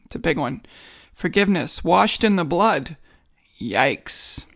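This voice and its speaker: A woman's voice: fairly low pitch, lively intonation, takes it slowly, a bit bright, no room sound, studio quality. A woman with a New York accent hosting a casual solo podcast from a home guest bedroom, sarcastic, rambling and self-mocking. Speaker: podcast host.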